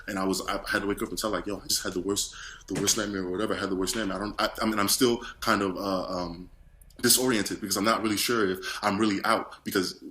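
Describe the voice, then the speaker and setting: Fast-talking man telling a frightening testimony. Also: on the low side, a bit bright. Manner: frantic, rambling, many restarts and repeated words. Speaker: witness giving a testimony. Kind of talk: personal testimony monologue.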